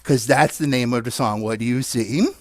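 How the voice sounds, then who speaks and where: A man's voice: mid-range voice, moderate pace. A man hosting a playful Zoom puppet show, telling silly stories and leading a children's sing-along with jokey asides. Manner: jokey and animated, chatty asides to the audience. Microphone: video call.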